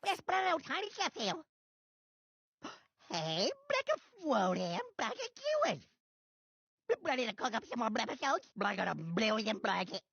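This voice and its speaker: A woman's voice: fairly high pitch, sing-song, normal speed, creaky, pauses often, fairly bright tone, slightly rough, no room sound, dull audio, exaggerated voice. A woman voicing a tiny male cartoon chef creature who stammers and pleads through tears. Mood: cheerful.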